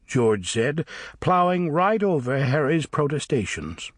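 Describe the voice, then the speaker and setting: A man narrating a novel as an audiobook reader, with expressive, varied storytelling. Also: mid-range voice, measured pace, slightly rough, no echo, clean studio sound. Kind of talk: scripted narration.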